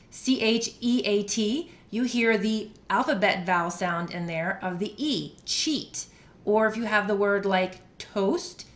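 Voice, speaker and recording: An American woman teaching a pronunciation lesson, speaking slowly and deliberately and spelling words out letter by letter. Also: medium pitch, fairly bright tone. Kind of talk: scripted lesson. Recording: echoey room.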